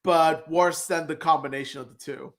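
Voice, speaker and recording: A man co-hosting a casual movie review chat, wry and emphatic with loud outbursts. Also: on the high side, fairly even intonation, moderate pace. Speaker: co-host.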